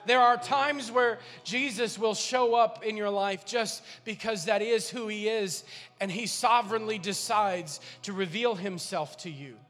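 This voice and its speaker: High bright-voiced pastor dude preaching hard, big church echo, faint music underneath. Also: male voice, a little slow. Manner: impassioned, repetitive, builds to shouting. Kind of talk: sermon. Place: large church sanctuary.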